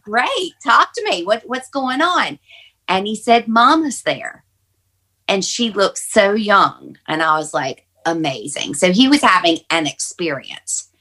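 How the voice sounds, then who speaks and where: Woman on a podcast, kinda low voice, earnest story, takes her time. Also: a bit bright. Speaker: podcast guest. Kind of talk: personal storytelling on a panel podcast.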